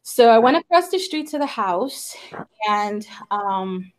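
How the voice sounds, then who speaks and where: Slow and expressive, her fairly high voice carries a personal story on the talk show she hosts as a psychic medium. It's a casual, chatty telling full of "like" and "you know," with the quoted voices acted out.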